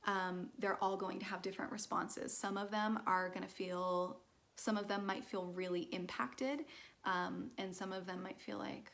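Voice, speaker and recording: A woman's voice: medium pitch, steady tone, normal speed, vocal fry, fairly bright tone. A woman teaching a casual mindfulness lesson in a chatty way, with frequent laughs and fillers.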